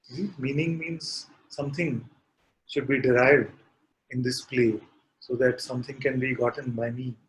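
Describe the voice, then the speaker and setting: Calm man teaching in dialogue. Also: medium pitch, low-quality recording. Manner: calm, unhurried, asks probing questions. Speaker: spiritual teacher. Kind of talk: satsang dialogue.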